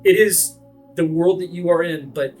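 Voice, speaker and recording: A man's voice: a little high, moderate pace, faint music behind. A man narrating vividly as game master of a tabletop game. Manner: vivid, energetic narration with frequent fillers.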